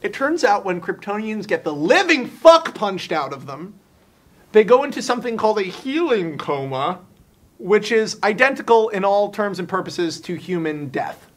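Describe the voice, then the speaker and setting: A man telling a story for laughs, excitable and profane, often breaking into shouts. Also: high voice, normal speed. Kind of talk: comedic storytelling. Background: music.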